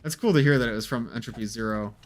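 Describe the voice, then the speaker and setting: A man's voice: mid-range voice, quick pace. A man streaming a game, musing aloud in a rambling, hesitant way. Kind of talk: casual gameplay commentary.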